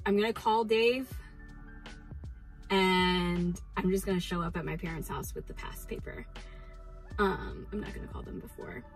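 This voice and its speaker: Chatty young woman vlogging, excitable. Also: on the low side, moderate pace, long pauses, faint music behind, rough recording. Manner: excitable and chatty, with many fillers and restarts. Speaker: teacher vlogger. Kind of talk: casual vlog chat.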